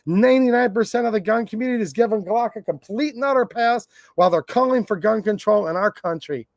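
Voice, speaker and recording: A man's voice: high voice, fast talker, creaky, dry recording, clean studio sound. Blunt, combative man ranting. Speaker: gun channel host. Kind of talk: ranting livestream monologue.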